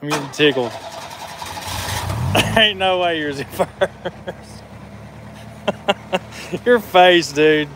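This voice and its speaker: A man's voice: fairly high pitch, very slow, long pauses, noisy background. A father in casual, slangy banter, filming his son outdoors near a running vehicle. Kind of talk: casual chat.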